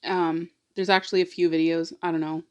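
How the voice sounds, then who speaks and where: A woman's voice: fairly low pitch, level tone, brisk, smooth. A woman vlogger telling a personal story in a casual, rambling way, full of "like" and emotional asides. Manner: rambling, fills talk with "like"; emotional, confiding. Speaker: mukbang vlogger.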